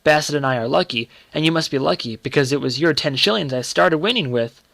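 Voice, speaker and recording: A man voicing an earnest, secretive young boy who speaks gravely and pleads with his uncle. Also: on the high side, quick pace, fairly bright tone, dry recording.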